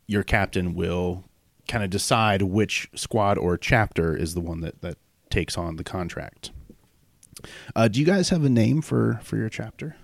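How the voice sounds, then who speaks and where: A man narrating as game master for a tabletop game, halting with fillers and breaking into laughter often. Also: fairly low pitch, vocal fry, no room sound.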